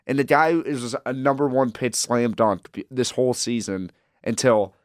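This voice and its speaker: A man's voice: medium pitch, normal speed, no echo, clean studio sound. A young man co-hosting a casual sports talk show who rambles, repeats words and keeps saying "like". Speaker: co-host.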